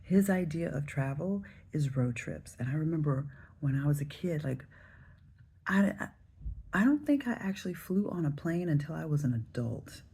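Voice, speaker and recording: A woman in her forties from the Southern US, telling a travel story to camera in a chatty, relaxed way. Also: low voice, moderate pace, slightly rough. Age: 40s. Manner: chatty, relaxed, addresses viewers directly. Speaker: travel vlogger.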